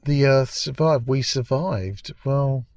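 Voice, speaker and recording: A man's voice: mid-range voice, slow pace, darkish tone, dry recording. Scornful male TV reviewer ranting. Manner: sarcastic, scornful, swears freely. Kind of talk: ranting video review commentary.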